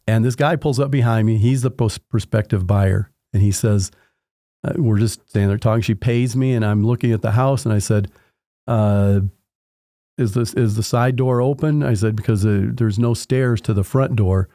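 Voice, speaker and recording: Male home inspector guest, warm dark timbre, dry close mic, lively storyteller. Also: fairly low pitch, normal speed, no room sound. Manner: animated anecdotes with acted-out dialogue. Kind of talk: conversational storytelling.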